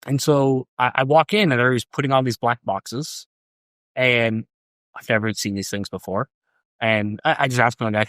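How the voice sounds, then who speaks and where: A young man from New Hampshire, a podcast guest, telling a personal story in a casual, halting way, repeating words and saying um often. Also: medium pitch, steady tone, fairly bright tone, no room sound, studio quality. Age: young adult.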